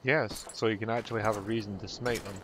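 A man's voice: lowish voice, steady tone, fast, background noise. A man co-commentating a video game let's play with dry, offhand remarks. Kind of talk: casual gaming commentary. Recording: loud game music behind the voice.

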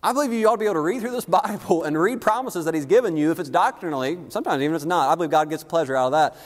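A man's voice: fairly high pitch, rapid-fire. A man preaching a sermon as pastor, emphatic and folksy, his delivery rising and falling. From United States. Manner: emphatic preaching that rises and falls, with folksy asides. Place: church sanctuary. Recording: long hall reverb.

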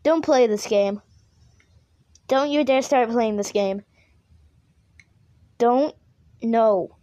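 A woman with a mellow, fairly high voice speaks extremely slowly in casual reaction commentary. Frightened, she pleads with the screen and repeats herself, and the audio is dull.

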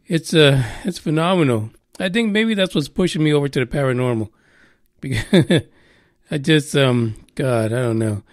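A man's voice: fairly high pitch, moderate pace, no echo, studio quality. A man hosting a podcast, chatting casually and irreverently through the news with lots of swearing and rambling asides. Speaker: podcast host.

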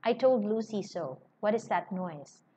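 A woman's voice: mid-range voice, animated, a little slow, mellow, natural voice. A woman voicing a confident elderly male doctor who speaks with cool assurance. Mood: assured. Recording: slightly muffled with faint hiss.

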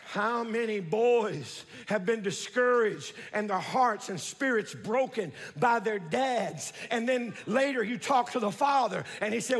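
A male pastor preaching a sermon, telling the story with animated delivery and calling out to the congregation. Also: very high-pitched, moderate pace, few pauses, slightly rough, long reverb tail. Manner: builds to shouting at peaks.

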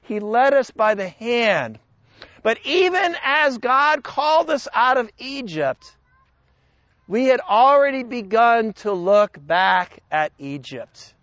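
Male Bible teacher, sermon delivery, high voice, unhurried, emphatic swings; dry close sound. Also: no room sound, highs cut off. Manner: slow, emphatic, with big swings in pitch and loudness. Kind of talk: sermon-style Bible study.

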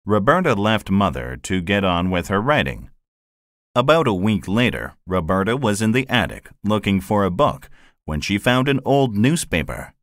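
Guy narrating a kids' classic, really low voice but lots of up and down, dry close sound. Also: very animated, moderate pace, a bit bright, no echo. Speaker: audiobook narrator. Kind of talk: scripted narration.

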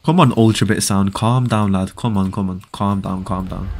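A man's voice: deep voice, fairly even intonation, moderate pace, hardly any pauses, soft background music. A young man, streaming a game live and reading viewer chat aloud, teasing and bantering with his audience. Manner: joking banter, teasing viewers, frequent laughs.

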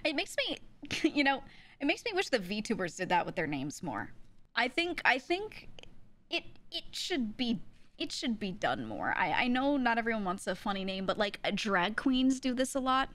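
A woman's voice: fairly high pitch, very animated, moderate pace, a bit bright. A young woman streaming from home, chatting casually to her viewers and laughing often between sentences. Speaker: VTuber streamer. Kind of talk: casual stream chat, reacting to clips.

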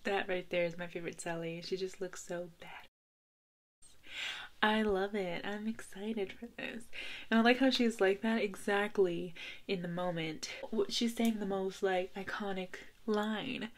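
A woman of twenty-five giving casual reaction commentary from her bedroom at night, gushing and giggling, often sinking to a hushed whisper. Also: medium pitch, steady tone, a little slow. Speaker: video creator reacting to a music video.

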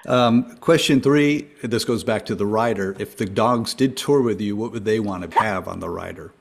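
A man's voice: fairly low pitch, normal speed, gravelly. A man hosting a podcast, asking numbered questions in a friendly, casual way with brief backchannels. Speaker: podcast host.

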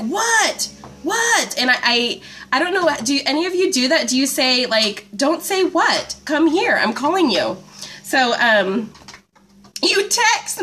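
Bubbly, lively homeschool mom streaming. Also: female voice, high-pitched. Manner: chatty and bubbly, laughs often, reads out viewer comments. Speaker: host of a live homeschool stream. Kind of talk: casual live-stream chat. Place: at home, indoors. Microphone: phone.

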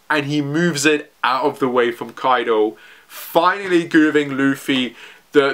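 A young man giving an excited, rambling recap of manga chapters, full of fillers and restarts. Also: mid-range voice. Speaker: manga reviewer.

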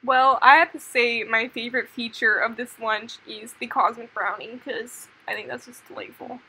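High bright playful young woman. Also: steady tone, moderate pace, slight background noise, low-quality recording. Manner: playful, giggly, jokes in silly voices. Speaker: co-host. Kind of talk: casual chat.

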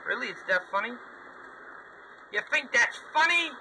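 A man's voice: very high-pitched, big pitch swings, normal speed, long pauses, pushed and bright, a little hiss or hum, rough recording. A man commentating his gameplay in a sweary, sarcastic running rant at the game. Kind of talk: let's play commentary.

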